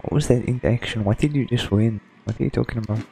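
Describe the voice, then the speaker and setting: A man's voice: medium pitch, quick pace, gravelly, warm tone, a little hiss or hum. A man giving casual, rambling let's-play commentary, hesitant and full of ums. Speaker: gaming streamer.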